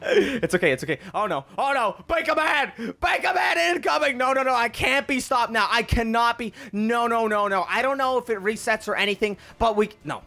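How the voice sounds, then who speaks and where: Excitable man with a bright voice. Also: very high-pitched, moderate pace, vocal fry. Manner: excitable, addresses viewers as guys and ladies and gentlemen. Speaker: gaming video creator. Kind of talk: gameplay walkthrough commentary.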